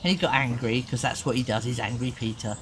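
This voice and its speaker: A woman telling a story to a child in an animated way, often asking the listener questions, recorded with a noisy background. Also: a bass voice, fast.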